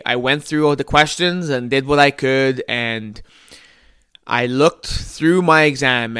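A man's voice: medium pitch, sharp tone, smooth, no echo, studio quality. A young man hosting a podcast, telling a personal story in an earnest, reflective way with small restarts. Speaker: podcast host.

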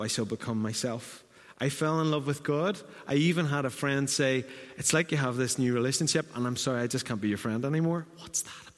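Male preacher, mid-pitched, anecdotal and relaxed, long hall reverb. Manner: conversational storytelling, self-deprecating asides. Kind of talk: sermon.

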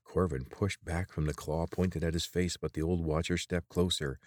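A man narrating an audiobook in a steady, even storytelling manner. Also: deep voice, normal speed, hardly any pauses, no room sound, clean studio sound.

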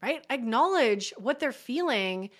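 Bright-voiced woman hosting a coaching podcast. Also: a little high, animated, unhurried. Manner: earnest and encouraging, checks in with "right?". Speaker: podcast host. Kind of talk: solo coaching podcast talk.

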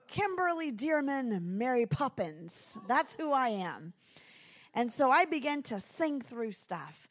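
A middle-aged woman giving a sermon as a guest preacher, in an expressive, conversational way. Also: high voice, slow pace.

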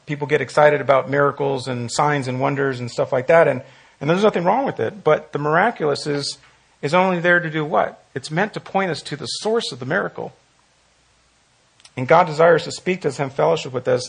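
Gravelly-voiced man teaching Bible study. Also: fairly high pitch, fairly bright tone. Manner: earnest, repeats phrases for emphasis. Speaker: pastor leading Bible study.

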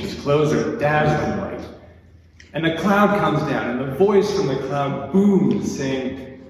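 A man's voice: fairly high pitch, darkish tone, a little hiss or hum. A man giving a conversational sermon as pastor, acting out what people in the story say. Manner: conversational, acts out quoted speech. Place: church sanctuary. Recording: echoey church from far off.

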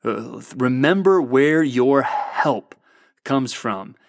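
A man giving an earnest, encouraging devotional, reading Bible passages slowly and warmly explaining them. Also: mid-range voice, animated, gravelly, no echo. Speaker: pastor. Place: Treasure Valley area, Idaho.

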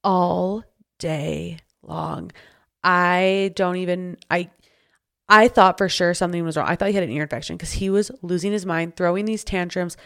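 A young woman hosting a podcast, chatting casually with quick questions and short reactions. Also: lowish voice, fairly even intonation, creaky. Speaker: podcast host. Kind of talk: casual chat.

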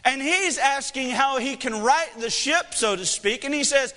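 High, bright-voiced preacher in a hall. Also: male voice, moderate pace, hardly any pauses. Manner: conversational preaching with humor and rhetorical questions. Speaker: pastor. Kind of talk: sermon.

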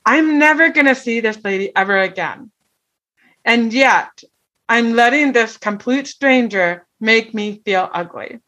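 A woman's voice: a little high, lively intonation, a little slow, fairly bright tone, muffled recording. A middle-aged woman telling a personal story in an earnest way, often checking in with "right?". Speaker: guest.

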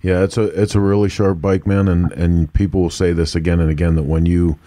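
A man's voice: low-pitched, level tone, a little fast, dark tone. A man with a Pittsburgh accent hosting a casual interview, enthusiastic and laid-back in a chummy way. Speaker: show host.

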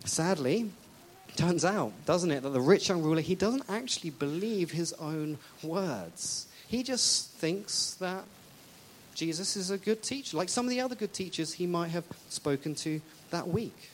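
A preacher delivers a sermon in a lively, conversational way, turning often to the congregation with questions. Quoted speakers get acted out with big jumps in pitch and loudness. A faint hiss sits under the voice. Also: unhurried. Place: church service.

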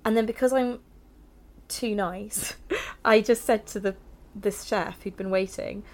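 A woman's voice: medium pitch, steady tone, a little slow. Frank young woman telling a story. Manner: frank, heavy use of "like", laughs while talking. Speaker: interview guest. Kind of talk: candid personal storytelling.

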